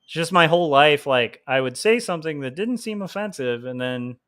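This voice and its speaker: A man hosts a livestream as a comic artist, chatting casually while he draws, rambling and poking fun at himself with plenty of fillers and laughter. His voice is on the high side, expressive, fairly quick, and fairly bright.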